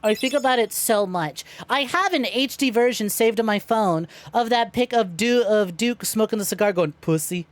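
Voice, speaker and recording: Bubbly swearing woman streamer, higher voice. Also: normal speed, few pauses. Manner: greets chat by name, swears freely, laughs often. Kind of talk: casual livestream chat while gaming.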